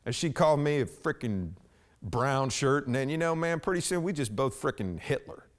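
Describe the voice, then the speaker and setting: A man's voice: medium pitch, expressive, moderate pace, natural voice. A man acting a one-man stage monologue as a rambling blue-collar husband talking to a police officer, saying "man" constantly and restarting his sentences. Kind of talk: theatrical monologue.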